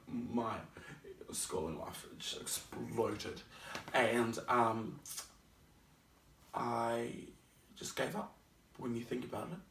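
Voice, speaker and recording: Bright-voiced young man telling his story. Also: medium pitch, slight background noise. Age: young adult. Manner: animated, acts out scenes and voices. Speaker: vlogger. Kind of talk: personal storytelling. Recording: roomy, mic at a distance.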